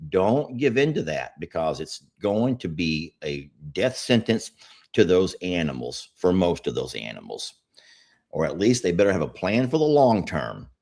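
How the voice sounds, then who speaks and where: A man's voice: deep voice, sing-song, a little slow, vocal fry, darkish tone. Easygoing man telling stories. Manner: rambling storytelling, easygoing. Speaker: podcast co-host. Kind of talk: casual chat.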